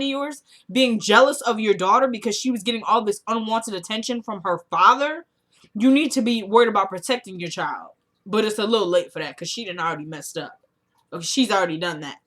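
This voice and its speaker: Woman vlogger, medium pitch, blunt and opinionated TV-recap chatter, casual slang. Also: brisk, a bit bright. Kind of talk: casual episode recap and commentary.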